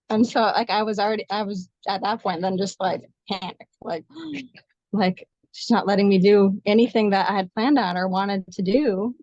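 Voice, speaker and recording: A woman's voice: medium pitch, no echo, highs cut off. Woman retelling her birth story. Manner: fast, animated retelling with quoted dialogue. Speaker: guest, nurse sharing her birth story. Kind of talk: emotional personal storytelling.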